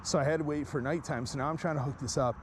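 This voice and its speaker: A man's voice: on the high side, fairly even intonation, racing, over a noisy crowd. A man in casual chat, rambling through a story, acting out what others said and laughing often. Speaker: guest storyteller.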